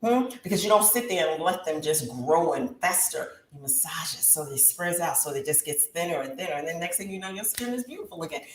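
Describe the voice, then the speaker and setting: Her voice is low and expressive, brisk with few pauses, amid roomy echo and faint hiss. This woman in her thirties, a guest talk show host, delivers impassioned interview testimony that rises and falls like a preacher's.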